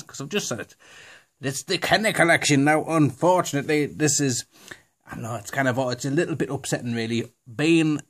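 A man's voice: mid-range voice, husky. Chatty jokey toy reviewer, man. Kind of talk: casual unboxing chat.

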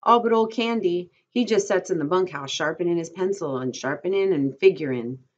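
Woman reading as a simple-minded gentle giant of a farmhand, meek and pleading, raised voice, lo-fi sound. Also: sits high, moderate pace. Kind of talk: novel read aloud.

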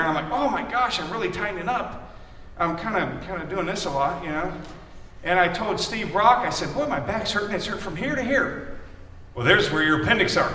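A man's voice: high-pitched, fairly bright tone, a little hiss or hum. A Midwestern American man preaching a casual, chatty sermon to his congregation, telling stories and calling on people by name. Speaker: lay preacher. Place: church sanctuary. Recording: echoey church from a distance.

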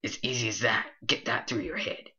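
A man's voice: mid-range voice, expressive, moderate pace, pushed and bright. A man doing a smug mooshroom cow. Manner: smug, then pleading. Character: boastful poisonous mooshroom cow, needy. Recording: lo-fi dull recording.

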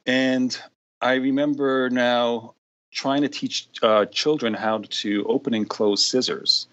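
A man's voice: medium pitch, steady tone, slow, fairly bright tone. A middle-aged man with a New York accent, chatting as a guest on a podcast, rambling with many fillers and restarts. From New York, USA. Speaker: guest occupational therapist. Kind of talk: casual interview chat. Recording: dull lo-fi sound.

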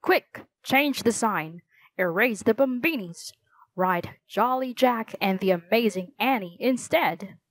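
A bustling male theater manager booms his orders, as a woman reading a storybook puts him on. His words come slowly and deliberately, commanding and hurried in tone. The sound is dry and close. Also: animated, no room sound.

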